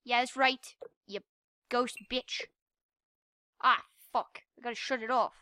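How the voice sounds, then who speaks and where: A young woman playing a game and commenting, frustrated, swearing and yelling at it. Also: on the high side, fairly even intonation, measured pace, no echo. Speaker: gamer. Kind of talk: gameplay commentary.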